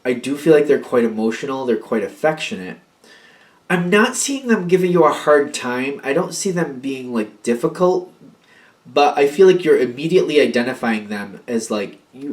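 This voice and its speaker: Guy doing a casual tarot reading, mid pitched voice, kinda halting, repeats himself a lot. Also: animated. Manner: hesitant, repeats words, many fillers. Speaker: tarot reader.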